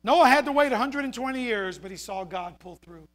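A man with a very high voice preaching a sermon. He moves between fiery shouted points and soft, hushed asides, punching key phrases with repetition. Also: fairly quick. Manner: animated, shouting for emphasis, then dropping quiet.

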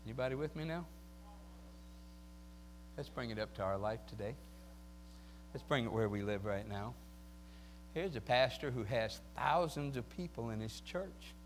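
A man preaching a sermon, moving from quiet talk to loud shouting peaks and acting out quoted voices. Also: medium pitch, animated, moderate pace, long pauses, slight background noise. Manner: acts out quoted voices and asks the crowd for replies.

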